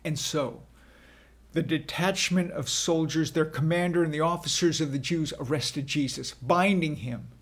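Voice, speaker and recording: A man narrating a dramatic first-person scripture reading in a slow, earnest storytelling manner. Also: on the high side, a bit bright, breathy edge.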